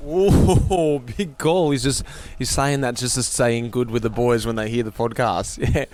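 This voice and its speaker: A man's voice: medium pitch, steady tone, unhurried, a little mellow. An Australian man hosting a podcast, chatting casually and matily with riding companions outdoors on a bike trip. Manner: chatty, matey banter. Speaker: podcast host. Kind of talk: casual on-the-road chat.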